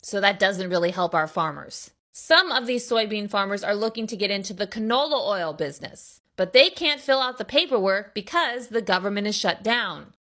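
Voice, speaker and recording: A woman's voice: mid-range voice, expressive, normal speed, hardly any pauses, bright, forceful tone. A woman earnestly explaining a political issue in a commentary video.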